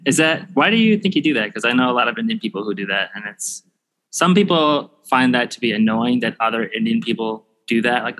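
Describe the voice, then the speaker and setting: A man's voice: medium pitch, animated, brisk, a bit bright, low-quality recording. A man hosting his podcast, chatting casually and thinking aloud with ums and restarts. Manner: easygoing, thinking aloud with fillers. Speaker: podcast host. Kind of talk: casual chat. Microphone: headphones, podcast mic.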